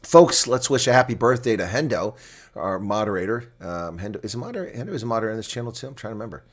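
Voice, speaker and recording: A man giving live reaction play-by-play commentary, excitable and opinionated, dropping to quiet asides and then rising to loud calls when the action starts. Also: on the low side, racing. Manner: opinionated, argues with referee calls. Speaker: live watch-along commentator.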